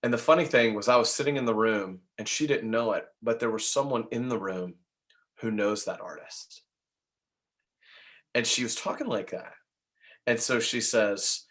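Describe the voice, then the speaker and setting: A man delivering a sales training talk in an easy, conversational way. He sits at an ordinary mid pitch and livens up as he makes his points. His habit of tossing "right?" to the room keeps it informal. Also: moderate pace, a bit bright. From Nashville. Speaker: real estate trainer.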